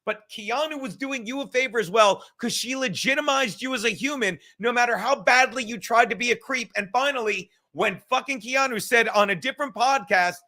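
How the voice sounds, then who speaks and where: A man hosting a casual livestream podcast, talking in a rambling, animated way full of swearing. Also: very high voice, brisk, few pauses. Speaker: podcast host.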